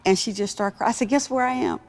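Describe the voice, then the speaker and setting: A woman executive telling a personal story in a talk-show interview, emphatic and animated. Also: a little high, fast. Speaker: guest, business executive.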